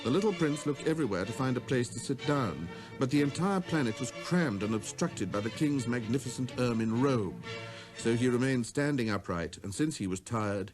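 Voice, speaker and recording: A male storybook narrator with a lively, rising and falling delivery, reading in an unhurried way. Violin music plays clearly beneath his voice. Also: medium pitch. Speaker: audiobook narrator.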